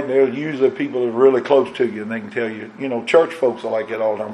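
A man's voice: mid-range voice, fairly even intonation, very fast, hardly any pauses, dark tone, reverberant, a little hiss or hum, poor audio. A man preaching a sermon in an impassioned cadence that swells and drops.

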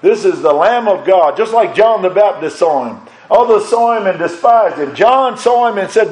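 A man's voice: high voice, expressive, moderate pace, hardly any pauses, a little mellow, reverberant, poor audio. A man preaching a sermon in an impassioned cadence that swells and drops.

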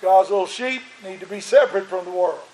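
A man's voice: sits high, fairly quick, a little mellow. A male pastor preaching a sermon with emphatic, repeated phrases, his voice strained. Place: church sanctuary. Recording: echoey church room.

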